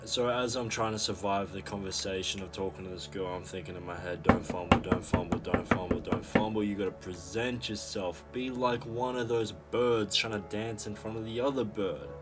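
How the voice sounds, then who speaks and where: Brief: young male vlogger, low voice, loose profane storytelling, music bed clearly audible. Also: normal speed, hardly any pauses. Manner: rambling, profane, mock stammering. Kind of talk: casual storytelling monologue. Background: background music.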